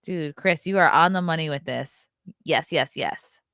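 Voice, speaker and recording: A chatty woman in her thirties hosts a live stream. She riffs and laughs easily, her voice a little low. The mic sound is dry and close. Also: unhurried, creaky, fairly bright tone, no echo. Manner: chatty, riffing, laughs often. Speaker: host. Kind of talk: casual live-stream chat.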